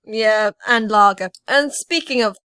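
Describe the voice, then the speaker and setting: A woman's voice: fairly high pitch, measured pace, bright, forceful tone, clear, resonant tone, dry recording. A young woman from Wales with a lightly toned-down Welsh accent, hosting a casual podcast chat with playful teasing. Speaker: podcast host.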